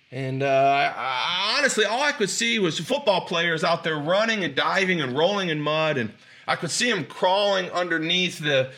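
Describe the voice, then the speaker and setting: A motivational speaker with a little high voice and a sharp tone tells stories in an inspirational speech. He is emphatic, draws out key phrases, and restarts frequently.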